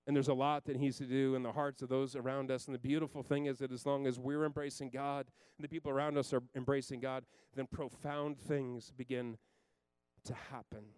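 A man in his thirties preaching a sermon as a pastor, emphatic and swinging from loud to hushed. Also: medium pitch, flat delivery, brisk, clean tone, no room sound.

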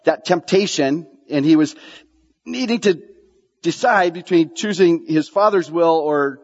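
A man's voice: on the high side, measured pace. A man preaching a sermon, repeating key phrases and asking the congregation questions. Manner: animated preaching, repeats lines for emphasis, asks the congregation questions. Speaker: pastor. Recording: dull sound, long hall reverb.

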